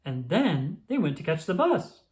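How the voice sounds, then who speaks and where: A woman reading a children's picture book aloud, expressive and slow. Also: sits low. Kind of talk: storybook read-aloud.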